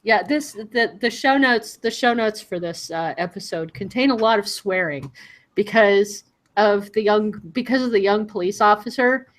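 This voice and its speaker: A woman's voice: medium pitch, normal speed. Chatty woman discussing TV. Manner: animated, acts out scenes in quoted voices. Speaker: podcast co-host. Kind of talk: casual chat reviewing a TV show.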